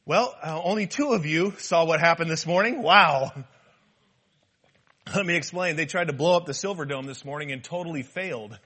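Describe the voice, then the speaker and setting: High-voiced preacher, animated and humorous. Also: male voice, moderate pace, breathy edge. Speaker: pastor. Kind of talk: sermon.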